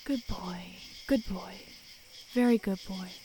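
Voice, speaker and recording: A woman voicing a gentle young woman who speaks softly to calm a hurt dog. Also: medium pitch, unhurried, a little hiss or hum, lightly acted, rough recording. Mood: soothing. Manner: soft and quiet.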